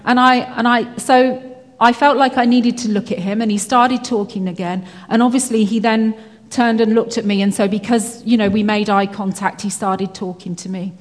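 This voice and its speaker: A woman's voice: on the high side, fairly even intonation, normal speed. Chatty woman telling a story in a reverberant hall. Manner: chatty storytelling, many fillers and restarts. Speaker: Christian speaker. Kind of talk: personal faith testimony.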